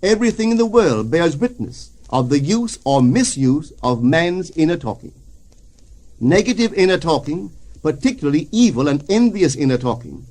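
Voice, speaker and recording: Male reader, spiritual lecture, solemn and measured, fairly high voice with very lively intonation. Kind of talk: reading a spiritual lecture aloud.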